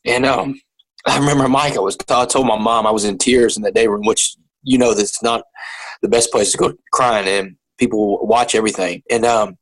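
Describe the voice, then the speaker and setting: A man, a guest in an interview, telling his story earnestly and haltingly with many restarts. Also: lowish voice, fairly even intonation, poor audio.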